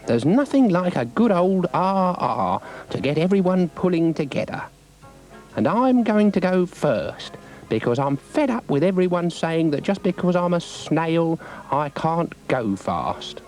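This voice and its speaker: A man's voice: on the high side, very animated, a little slow, a little mellow, soft background music, voice pushed up, rough recording. A man voicing a small, eager male snail who is keen to prove himself.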